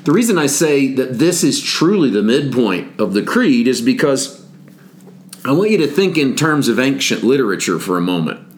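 A man's voice: mid-range voice, very animated, normal speed. Guy preaching a sermon, chatty and easygoing, stacks up short repeated lines for emphasis. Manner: conversational, builds with repeated phrases. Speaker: pastor. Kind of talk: sermon teaching series.

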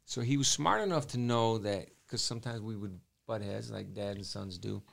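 A man's voice: on the low side, normal speed, vocal fry. A man, a former boxer, sharing stories as an interview guest. He talks earnestly, repeats himself and often restarts his sentences. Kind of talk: emotional storytelling in a casual interview.

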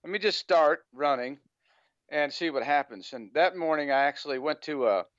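A man's voice: fairly high pitch, expressive, moderate pace, fairly bright tone, no room sound, muffled recording. An American man speaking as a guest on an interview podcast, talking casually with a rambling flow full of "you know" fillers. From United States.

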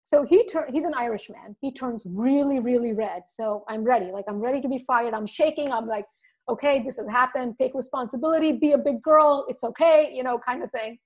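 A woman podcast guest telling an animated story, acting out quotes and laughing often. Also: high-pitched, a little fast. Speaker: podcast guest, marketing speaker.

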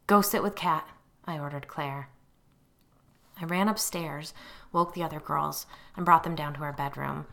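A middle-aged woman narrating a first-person memoir audiobook, expressive and acting out her own quoted lines. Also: low voice, normal speed, vocal fry, pauses often.

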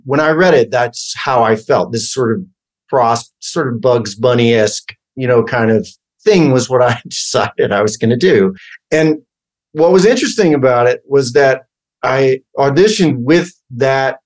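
A man in his fifties from Oklahoma, a guest actor who tells stories casually and keeps correcting himself mid-sentence. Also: mid-range voice. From Oklahoma, USA. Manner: rambling, self-correcting, wry. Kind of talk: casual interview storytelling.

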